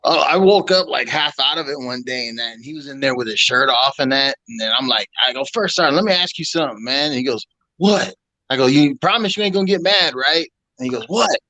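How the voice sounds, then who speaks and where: A man's voice: medium pitch, animated, fast talker, hardly any pauses, sharp tone, no echo, poor audio. A man and army veteran, casually telling joking stories from his service days. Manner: laid-back, joking storyteller. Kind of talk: casual chat.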